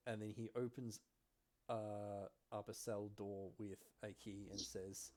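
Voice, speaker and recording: A man running a tabletop game as game master, narrating in a measured way and often breaking into laughter. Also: lowish voice, level tone, warm tone.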